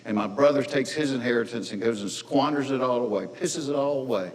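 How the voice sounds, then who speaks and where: A man's voice: medium pitch, fairly quick, long reverb tail, lightly acted. A man voicing a resentful, dutiful older brother who complains about being overlooked. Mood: indignant. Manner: indignant, complaining.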